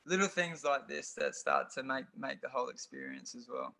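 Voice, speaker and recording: A man's voice: mid-range voice, moderate pace, vocal fry. A young Australian man, a Muay Thai fighter, telling stories in a casual podcast interview with lots of fillers. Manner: animated storytelling with frequent fillers.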